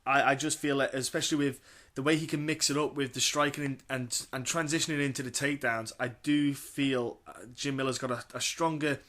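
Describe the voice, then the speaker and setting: A man's voice: medium pitch, steady tone, fairly quick, fairly bright tone. A man co-hosting a podcast, chatting eagerly and repeating himself as he makes his fight picks. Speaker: podcast co-host. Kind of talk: casual fight-pick chat.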